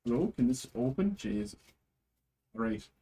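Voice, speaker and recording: A man hosting a live stream card break, reading off card names in quick lists and chatting with his viewers. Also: mid-range voice, very animated, warm tone, husky. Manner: chatty with chat viewers, thanks buyers. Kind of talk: live stream pack opening.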